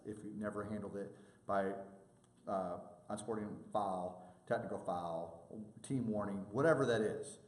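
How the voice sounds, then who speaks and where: A man gives a presentation to sports officials, telling stories with animation and acting out the people he quotes. His voice is on the low side, and the recording sounds roomy.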